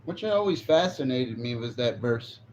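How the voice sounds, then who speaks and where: A man's voice: medium pitch, animated, moderate pace, a little mellow. Male streamer, casual and profane, rambling; muffled lo-fi audio with light background noise. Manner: rambling and profane, reacting to chat. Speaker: live streamer. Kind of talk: casual chat.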